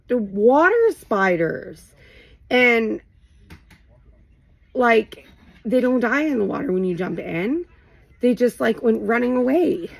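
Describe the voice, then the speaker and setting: Brief: thirties woman, casual vlogger, low gravelly fry, chatty and rambling. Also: poor audio. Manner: animated, rambling, lots of fillers. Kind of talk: casual storytelling chat. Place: home, late night.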